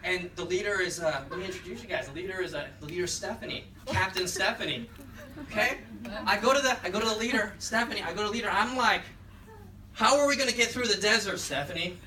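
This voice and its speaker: A man telling a lively story to an audience at a lunch talk, often checking in with "okay". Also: high-pitched, fast. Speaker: presenter. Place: lecture room. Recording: echoey room, far mic, noisy.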